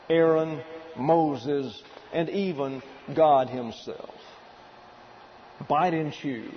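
Male pastor, sermon, deliberate and emphatic, slightly higher voice, dull recording with faint hiss. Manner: deliberate, emphatic preaching with numbered points.

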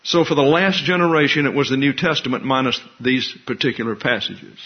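A man's voice: medium pitch, brisk, slightly rough. A man pastor giving an expository sermon, teaching in a wry, conversational way with asides. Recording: dull lo-fi recording.

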